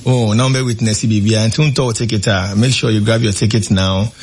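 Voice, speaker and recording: A man promotes an event on a radio show and urges listeners to act. His voice is husky, and his persuasive pitch keeps stumbling into fillers. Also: steady tone, brisk, a little mellow. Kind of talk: casual radio interview.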